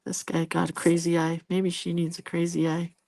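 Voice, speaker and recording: A chatty woman in her sixties talks casually while she paints on a live stream, laughing often and hopping from one story to the next. Her voice sits a little low. The sound is close and dry, with no room echo. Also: completely flat delivery, normal speed, gravelly, a little mellow. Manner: chatty, laughs often, jumps between stories and viewer comments. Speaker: host of a live drawing stream.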